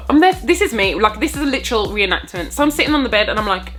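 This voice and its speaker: A young woman telling a storytime straight to her viewers in a casual vlog, animated and jokey. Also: medium pitch, moderate pace, soft background music.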